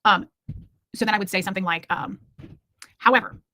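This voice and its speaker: Speaking a little fast in a pushed, bright, medium-pitched voice, a woman in her forties hosts a casual livestream, recorded with no room sound. She rambles candidly and jokes while reacting to comments.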